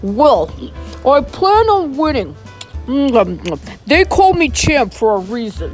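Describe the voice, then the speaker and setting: Storybook reading: a woman doing a boastful young boy, higher than her own voice, cocky and grudging. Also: huge pitch swings, slow, soft background music, full character voice. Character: boastful, jealous young boy who loves baseball.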